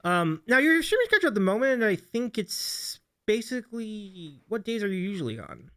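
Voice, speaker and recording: A man's voice: high-pitched, sing-song, moderate pace, a bit bright. A man hosting a casual livestream chat, reading viewer comments aloud and laughing often. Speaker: host.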